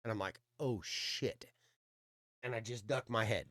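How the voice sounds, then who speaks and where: A man's voice: fairly low pitch, quick pace. A man casually telling a long story, cursing freely and acting out what people said. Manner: swearing, animated storytelling with quoted dialogue. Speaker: podcast guest storyteller.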